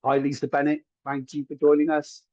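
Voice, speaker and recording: A man's voice: a little high, completely flat delivery, brisk, warm tone, no echo, highs cut off. Chatty male psychic medium on a live stream. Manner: chatty, hedging, often asks if it makes sense. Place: room at home.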